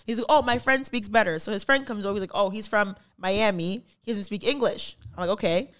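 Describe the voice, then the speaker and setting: With a medium pitch and a slightly fast delivery, a young podcast co-host recounts a story in a relaxed chat. She laughs a lot and voices the different people in the tale.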